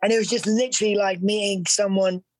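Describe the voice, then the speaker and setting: A man's voice: high voice, little pitch movement, fast talker, dry recording, poor audio. A British man, a guest actor on a podcast, telling stories in a chatty, laughing way with lots of fillers. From United Kingdom. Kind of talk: casual podcast interview.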